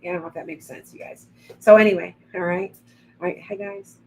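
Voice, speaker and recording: A woman's voice: lowish voice, fairly even intonation, fast, slight background noise, poor audio. A middle-aged woman giving rambling psychic readings on a live stream. She greets viewers by name as she goes. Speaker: psychic medium.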